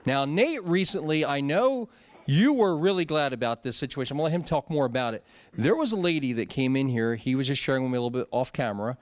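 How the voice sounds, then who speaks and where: Lively enthusiastic promo host, man. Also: medium pitch, fast talker, no room sound. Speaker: host of a sales show. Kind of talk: upbeat promotional interview.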